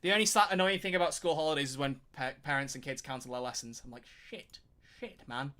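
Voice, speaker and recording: A man chatting casually on his live stream, reacting to chat in animated rants and swearing freely. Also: medium pitch, quick pace.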